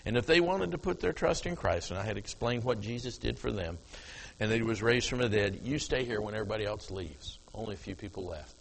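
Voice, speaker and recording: A man's voice: lowish voice, lively intonation, brisk, vocal fry, in a large hall, slight background noise, rough recording. An older man preaching a sermon, telling a story from the platform and acting out the dialogue. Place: church platform before congregation.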